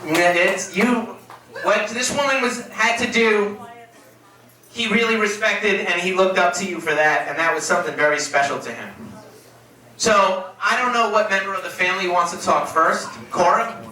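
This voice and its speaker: A man giving a eulogy for his best friend, telling stories in a casual, animated way with laughs and swearing. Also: high-pitched, normal speed. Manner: animated, laughing storyteller who swears freely. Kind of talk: memorial speech, casual storytelling. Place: room at a memorial gathering. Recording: echoey room, distant mic, crowd.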